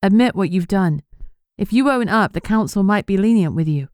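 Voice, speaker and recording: A woman's voice: mid-range voice, lively intonation, normal speed, darkish tone, dry recording, studio quality, natural voice. A woman voicing a shaken but stubborn young heroine, talking in urgent, breathless bursts. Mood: commanding.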